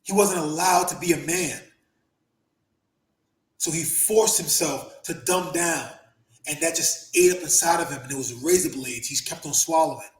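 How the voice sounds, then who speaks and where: A man hosting a podcast, telling profane, animated stories, laughing often and acting out the people he quotes. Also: on the high side, moderate pace. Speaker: podcast host and former wrestler. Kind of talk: casual storytelling chat. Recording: roomy echo.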